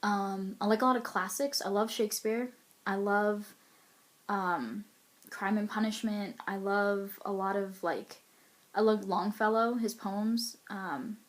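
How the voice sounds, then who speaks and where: A young woman in a casual vlog talks openly about her likes and dislikes. Her voice sits at an ordinary middle pitch, and she rambles a little with fillers and soft laughs. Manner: chatty and candid, lots of ums and little laughs. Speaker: role-player answering a profile questionnaire. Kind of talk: casual to-camera chat.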